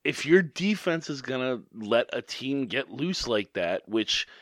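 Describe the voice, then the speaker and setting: A young man co-hosting a sports podcast, chiming in with quick agreement and restarting his sentences. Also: mid-range voice, very animated, a bit bright, no echo, studio quality. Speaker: podcast co-host. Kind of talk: casual sports chat.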